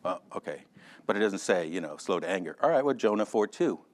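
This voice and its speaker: A man teaching a Sunday school Bible lesson in a lively, conversational way, calling on class members by name and joking along the way. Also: low voice, a little fast. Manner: animated, addresses class members by name, jokes.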